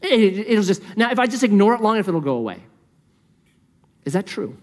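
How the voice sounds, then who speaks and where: A man preaching a sermon in a conversational, lively way, asking the listeners rhetorical questions. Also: high-pitched, brisk, long reverb tail. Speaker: pastor.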